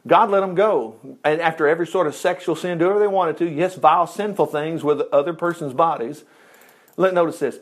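Guy preaching a sermon, kinda high voice, acts out the quotes, gets loud then quiet. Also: fairly quick. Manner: animated, jumps between hushed asides and loud exclaims.

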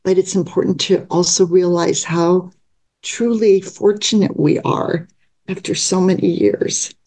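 A woman in her seventies reading her own personal essay aloud, slowly and with small stumbles and restarts. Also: on the low side, fairly even intonation, warm tone. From United States. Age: 70s.

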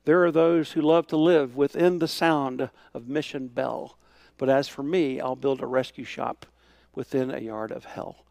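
A middle-aged male pastor preaching a sermon, telling a story with quoted dialogue and moving between hushed asides and emphatic calls. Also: medium pitch, fairly even intonation, unhurried, creaky, dry recording.

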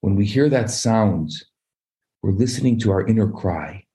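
A man, a rabbi, telling a parable in an animated sermon, acting out the voices of its characters. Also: fairly low pitch, moderate pace. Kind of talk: storytelling sermon.

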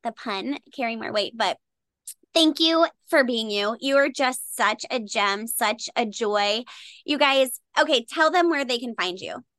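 A woman's voice: on the high side, lively intonation, measured pace, fairly bright tone, no room sound. A woman hosting a podcast interview, gushing with enthusiastic praise for her guest. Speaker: podcast host. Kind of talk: casual interview chat.

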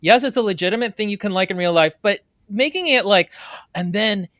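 A woman co-hosting a book club podcast, talking casually in a blunt, wry manner with quick jokes. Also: mid-range voice, lively intonation, fairly bright tone, no room sound.

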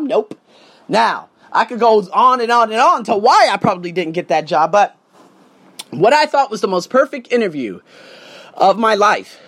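A man's voice: sits high, a bit bright. A man telling his story in a casual vlog from his condo, emphatic and swearing as he goes. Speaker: vlogger, English teacher. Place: condo room, indoors.

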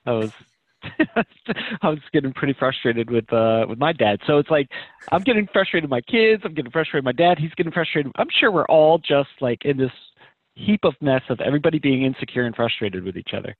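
A man's voice: medium pitch, expressive, fairly quick, no room sound. A man, a father and guest on a video call, talking in a laid-back way, trailing off and laughing at himself. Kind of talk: casual chat over a video call. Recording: tinny call line.

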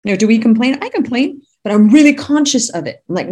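A woman business coach, a podcast guest, telling her story in an emphatic, animated way. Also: fairly high pitch, quick pace, breathy edge. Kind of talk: podcast interview.

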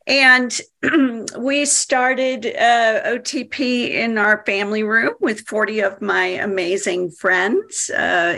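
A woman's voice: medium pitch, bright, forceful tone. A woman in her fifties, an activist and founder, giving a workshop presentation in a chatty, hesitant way with many fillers.

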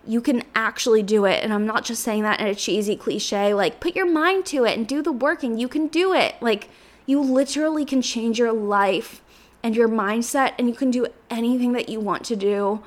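A woman's voice: on the high side, moderate pace. Emotional young woman podcasting solo. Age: 20s. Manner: earnest, rambling, uses "like" and "literally" often. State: emotional, near tears. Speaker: podcast host.

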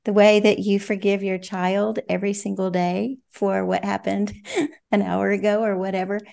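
An older woman, a parenting coach, giving reflective, measured answers in a podcast interview, often saying "you know". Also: mid-range voice, flat delivery, creaky, darkish tone.

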